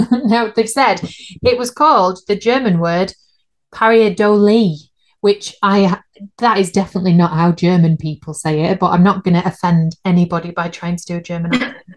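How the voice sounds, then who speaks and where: A woman's voice: fairly low pitch, steady tone, a little fast. A woman, co-hosting a podcast in casual chat and laughing at her own slips. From United Kingdom. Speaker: podcast co-host.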